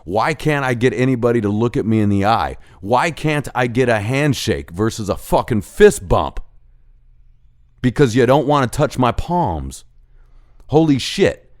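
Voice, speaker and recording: A man's voice: mid-range voice, very animated, measured pace. A man hosting a ranting monologue, profane and heated, acting out bits of dialogue as he goes. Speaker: host of a rant show.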